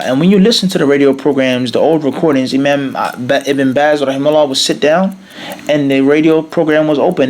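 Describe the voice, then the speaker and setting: A man delivers a religious lecture in an emphatic, questioning teaching style, sprinkling Arabic terms through his English. His voice sits in an ordinary middle pitch. A faint background noise runs under the recording. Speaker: Islamic teacher. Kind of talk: lecture explaining a classical text.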